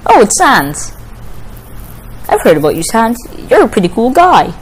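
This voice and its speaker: A woman's voice: a little high, wildly swooping pitch, moderate pace, a little hiss or hum, poor audio. A woman giving casual let's-play commentary on a story game, emotional, often pleading and exclaiming. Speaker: gamer playing a story game.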